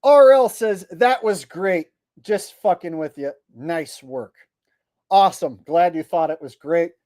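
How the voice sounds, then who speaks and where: A man's voice: high voice, a little slow, darkish tone, dry recording. A man hosting a livestream, reading viewer messages aloud and ranting in a blunt, profane way. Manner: blunt and profane, exasperated rants; reads viewer messages aloud in mock voices. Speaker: livestream host reading viewer super chats. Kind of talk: casual livestream chat.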